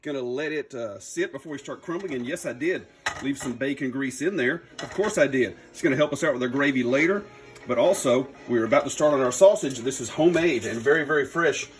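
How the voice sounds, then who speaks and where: A man's voice: medium pitch, brisk, soft background music. A man hosting his own cooking video, chatting upbeat and joking as he cooks at the stove. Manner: upbeat, jokey, chatty asides. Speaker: cooking show host. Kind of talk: casual cooking demonstration.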